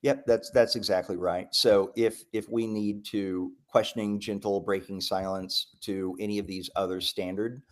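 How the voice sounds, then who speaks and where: A man presenting a live software demo, talking enthusiastically, with lots of ums and restarts. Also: fairly low pitch, steady tone, moderate pace, hardly any pauses. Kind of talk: live product demo talk.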